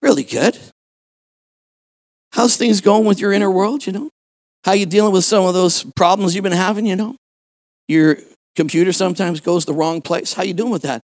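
A man with an unusually high voice preaches to his congregation. He builds to shouted emphasis and keeps throwing rhetorical questions at the room. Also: brisk, dry recording. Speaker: pastor. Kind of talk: sermon. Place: church, before a congregation.

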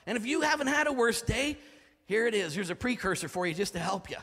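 Man, pastor, dramatic sermon, shouts and hushes, long hall reverb. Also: high-pitched, lively intonation, quick pace.

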